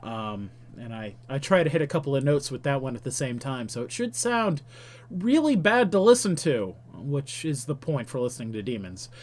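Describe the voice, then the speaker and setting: A man's voice: mid-range voice, very animated, moderate pace. A male streamer reading game text aloud with casual asides, often stumbling and correcting himself.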